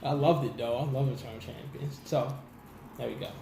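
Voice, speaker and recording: A man telling stories as a guest in a casual interview, animated, laughing often and acting out what people said. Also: mid-range voice, a little fast, gravelly. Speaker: musician guest. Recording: echoey room with faint background noise.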